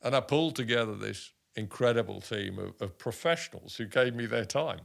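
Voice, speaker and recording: A man in his sixties from the United Kingdom, an army veteran telling stories in an interview, animated and full of restarts. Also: mid-range voice, a little fast, gravelly. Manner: animated anecdotes with many restarts and voiced quotes. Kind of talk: casual storytelling interview.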